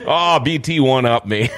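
A man hosting a radio show, chatting casually with a guest and chuckling often. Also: medium pitch. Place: radio studio.

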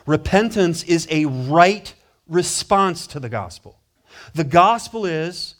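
A male pastor delivers an animated sermon, performing the voices of those he quotes and shifting between loud proclamations and quiet, low stretches. He takes his time.

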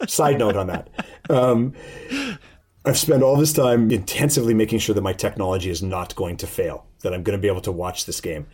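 Animated man telling a story. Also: fairly low pitch, a little fast, slightly rough. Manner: animated, swearing, laughing often. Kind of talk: casual storytelling chat.

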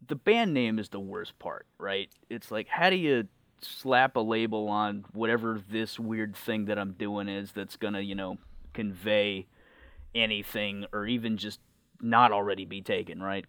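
A man's voice: lowish voice, moderate pace, fairly bright tone, smooth, no room sound. A man being interviewed as a guest musician, talking enthusiastically and rambling with plenty of fillers. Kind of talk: casual interview chat.

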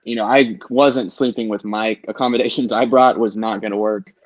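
A middle-aged man with a fairly low voice rambles through his old concert-trip stories, swearing freely and slipping into other people's lines. The sound is dry and a little dull, like a close podcast mic. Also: fairly even intonation, moderate pace, no room sound. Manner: rambling storyteller, swears freely, acts out quotes. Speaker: guest telling concert stories. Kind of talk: casual podcast chat.

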